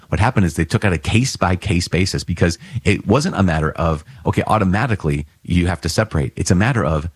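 A man's voice: low-pitched, slightly rough, dry recording. A man giving a conversational homily on scripture readings, earnest and plain-spoken with fillers and light laughs. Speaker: priest.

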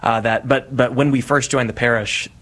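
Halting man from Oklahoma. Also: mid-range voice, fairly even intonation, fairly bright tone. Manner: halting, many restarts and fillers. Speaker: studio guest. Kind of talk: casual talk.

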